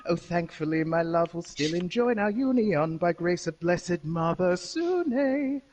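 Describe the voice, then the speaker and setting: A man's voice: high voice, lively intonation, measured pace, a little mellow, soft background music, voice pushed up. A British man voicing a romantic male bard troubadour, reading out a rhyming diary in a sing-song manner. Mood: wistful, romantic.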